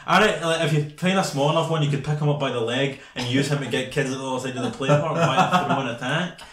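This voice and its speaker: Man, twenties, animated, sweary, mid pitch, roomy echo. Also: fast talker. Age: 20s. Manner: animated, swears, dark jokes. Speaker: podcast co-host. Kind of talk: casual banter.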